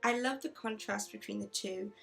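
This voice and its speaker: Gushing, chatty woman with a gravelly edge. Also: mid-range voice, moderate pace, fairly bright tone, soft background music. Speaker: book vlogger. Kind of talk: casual book review with read-aloud passages.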